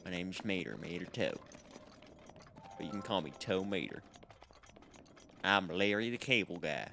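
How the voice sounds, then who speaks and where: A man's voice: deep voice, lively intonation, unhurried, gravelly, over music, exaggerated voice. A man putting on a goofy, folksy drawl as a cartoon tow truck character.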